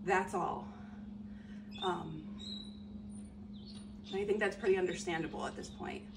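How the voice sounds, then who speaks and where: Excitable, over-caffeinated woman vlogger unboxing finds, casual chatter, noisy home recording. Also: on the low side, measured pace, gravelly. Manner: chatty, excitable, talks to viewers while unboxing. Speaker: reseller vlogger.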